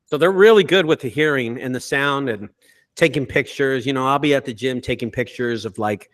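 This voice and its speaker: A man who owns a junk removal business, telling stories in a casual group call with lots of swearing and animated delivery. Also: mid-range voice, brisk. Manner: profane, animated storyteller.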